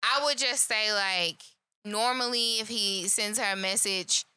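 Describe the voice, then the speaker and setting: A woman co-hosting a casual live chat, animated and profane, laughing loudly. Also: medium pitch, unhurried, clean tone, no echo. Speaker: co-host. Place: live online stream.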